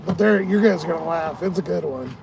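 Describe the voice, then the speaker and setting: A man's voice: fairly high pitch, fairly quick, creaky, noisy background. A tired man vlogging in a casual, rambling way, swearing often and laughing at his own stories. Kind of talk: casual rambling vlog talk.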